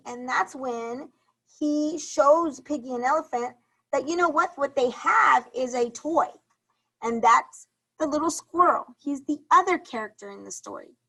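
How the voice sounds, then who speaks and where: On a video call, a woman teacher leads young children through a reading lesson, encouraging them and repeating her questions to the class. Her voice is high and fairly bright, captured in a rough recording.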